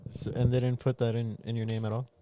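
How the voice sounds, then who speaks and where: A man co-hosting a podcast who needles his friend with teasing questions. His voice sits mid-range with a warm, mellow tone. A faint hiss sits under the recording. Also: mid-range voice, level tone, fast. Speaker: podcast co-host. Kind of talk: casual chat.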